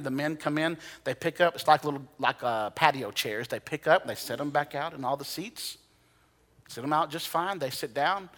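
A man preaching a sermon, telling a personal story dramatically, sometimes dropping to a hush and sometimes rising to excited bursts. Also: fairly high pitch. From United States. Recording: long hall reverb.

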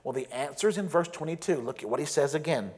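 A man preaching a sermon as pastor, earnest and emphatic, slowing down to stress key phrases. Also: fairly high pitch, darkish tone, slightly rough. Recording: long reverb of a large hall.

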